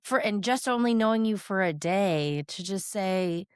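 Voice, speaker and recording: A woman co-hosting a podcast, speaking in a warm, affirming way to her guest. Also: mid-range voice, lively intonation, measured pace, smooth, dry recording, studio quality. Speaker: podcast co-host. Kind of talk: casual podcast chat.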